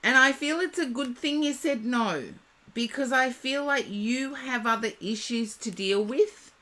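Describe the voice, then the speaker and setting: A woman reading tarot live for viewers, chatty and reassuring, talking to them by name, her voice going a little hoarse. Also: high voice, measured pace, bright, forceful tone. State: losing her voice. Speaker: tarot reader.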